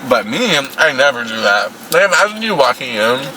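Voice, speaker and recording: A man's voice: mid-range voice, very animated, moderate pace, bright, forceful tone. A young man in casual chat over a meal, laid-back and hesitant, full of fillers. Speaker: friend. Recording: distant, noisy.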